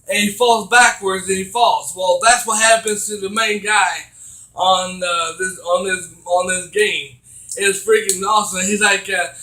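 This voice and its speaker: A man giving a casual video game review, rambling and halting with many fillers, getting excitable as he retells scenes. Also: high voice, reverberant, low-quality recording.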